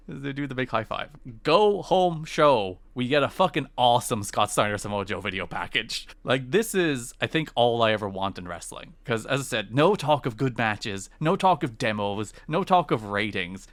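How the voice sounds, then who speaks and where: A young man co-hosting a podcast, chatting casually and excitedly, laughing often and swearing as he retells wrestling promos. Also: mid-range voice, normal speed, hardly any pauses, dry recording. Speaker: podcast co-host. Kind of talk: casual chat.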